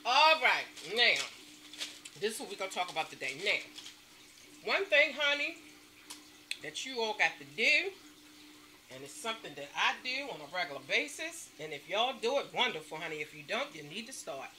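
A woman vlogging from home late at night, chatting to her viewers and calling them honey and y'all at every turn, with loud emphatic stresses. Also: mid-range voice, very animated, normal speed, slight background noise. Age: adult mother. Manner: emphatic, stresses words with bursts of loudness. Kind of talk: casual chat to camera.

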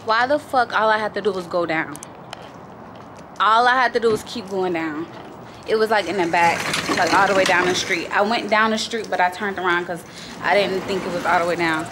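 A woman's voice: mid-range voice, fairly quick. A young woman vlogging casually from her car and then a big store, chatty and profane as she vents. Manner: chatty and profane, venting frustration. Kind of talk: casual vlog chat. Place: car, then a large home decor store. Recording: noisy phone recording with traffic and store sounds.

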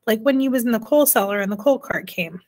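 A woman reading aloud and voicing a sharp-tongued, bossy tiny mother from a little-people family. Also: fairly high pitch, lively intonation, quick pace, close to an everyday voice. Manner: sharp and insistent.

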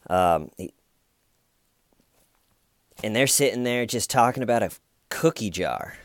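A man's voice: fairly low pitch, lively intonation, measured pace, long pauses, no echo, clean studio sound. A man casually commenting on a true crime case in a chatty, sarcastic, rambling way.

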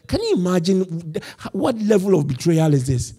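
A man's voice: high-pitched, big pitch swings, moderate pace, warm tone, slightly rough. A male pastor preaching a sermon, telling the story with animation, acting out the quoted voices and laughing as he goes. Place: church.

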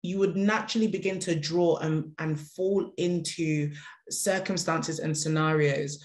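A woman hosting a podcast, asking thoughtful questions in a halting way with many pauses and fillers. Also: sits low, steady tone. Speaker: podcast host. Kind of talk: interview questions, conversational. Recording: echoey room.

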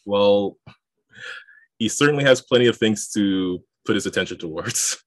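A man's voice: fairly low pitch, moderate pace, no echo. A man working as game master, narrating the action and walking through the rules while thinking aloud, with frequent chuckles. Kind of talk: narrating and adjudicating a tabletop game.

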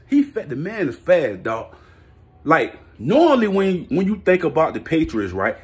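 A man vlogging a hyped, slangy football rant, laughing and repeating himself in his excitement. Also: mid-range voice. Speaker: sports vlogger.

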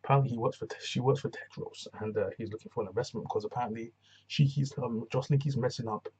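A man's voice: mid-range voice, steady tone, fast talker, dark tone, breathy edge, dull audio. A man giving a casual, rambling recap of a TV episode, full of slang and restarts. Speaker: TV reviewer.

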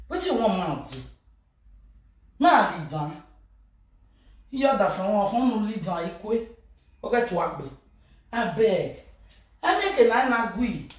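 A woman with a Nigerian accent gives animated gossip commentary, mimicking people, laughing and shouting. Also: mid-range voice. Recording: very echoey room, voice far from mic.

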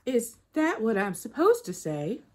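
A woman voicing a calm, clever female little bush deer who answers innocently. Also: fairly high pitch, unhurried, pitched above the performer's own voice, full character voice. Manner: calm, innocent, playing along.

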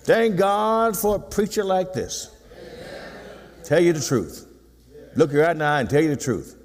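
A man's voice: a little high, lively intonation, moderate pace. A pastor in his sixties preaching a sermon in a folksy, teasing way, calling for responses from the congregation. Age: 60s. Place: church sanctuary. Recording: long hall reverb.

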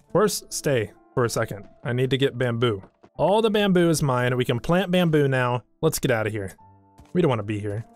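A young man hosting a game let's play, joking around and talking to his horse as he plays, with bursts of mock dismay. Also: medium pitch. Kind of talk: casual gameplay commentary.

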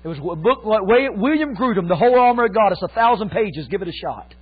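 A male pastor preaching a sermon, with impassioned swings and sudden loud exclamations. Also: high-pitched, expressive, quick pace, breathy edge. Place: church. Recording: tinny phone-like sound with faint mains hum.

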